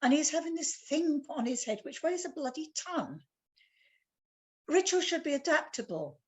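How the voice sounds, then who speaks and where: A woman's voice: sits high, moderate pace. A woman in her seventies, a guest on a video call, telling stories in a blunt, playful way. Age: 70s. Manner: blunt, lively, playful storyteller. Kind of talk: casual storytelling on a video call.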